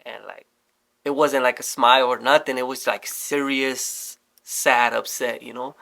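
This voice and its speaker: A young man casually telling a story, animated and swearing often as he acts out what people said. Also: mid-range voice, unhurried, gravelly. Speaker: storyteller guest.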